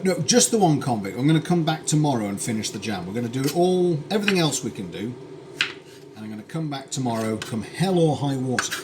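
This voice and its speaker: A British man talks casually while he cooks, and his pitch rises and falls a lot. He is wry and full of tangents. Pans and dishes clatter clearly behind him in a home kitchen. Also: background noise. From United Kingdom. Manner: chatty and wry, with tangents and dry asides. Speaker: streamer cooking live. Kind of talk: casual cooking stream chat.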